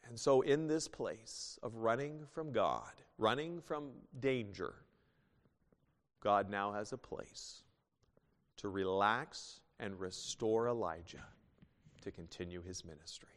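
Male pastor, lowish voice, sermon delivery with loud peaks and whispered asides, reverberant sanctuary. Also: animated, slow pace. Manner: swings between loud emphatic bursts and soft hushed asides. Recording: long hall reverb.

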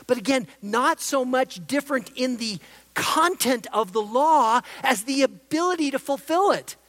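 A preacher giving an expository sermon, emphatic, swinging between loud stresses and soft asides. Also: high voice, animated, normal speed. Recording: long reverb of a large hall.

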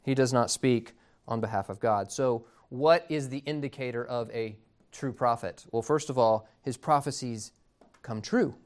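A man's voice: mid-range voice, moderate pace. A man preaching a sermon in a conversational, amused storytelling manner.

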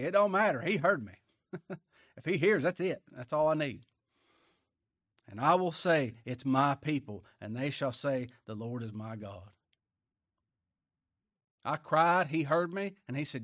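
A man preaching a sermon, swinging from quiet asides to loud emphatic bursts, with folksy talk and chuckles. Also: medium pitch, expressive, normal speed, long pauses, no room sound, clean studio sound.

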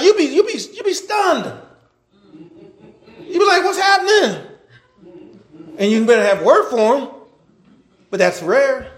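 A male pastor preaching a sermon, swinging from loud shouting to quiet asides, with colloquial talk and lots of repeated words. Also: extremely high pitch, expressive, normal speed, long pauses.

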